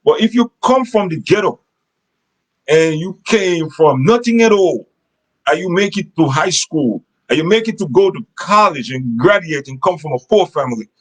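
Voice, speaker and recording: A man with a fairly high, expressive voice rambles through a repetitive, casual monologue of relationship advice at normal speed, often pausing to ask "Understand?" The recording is rough.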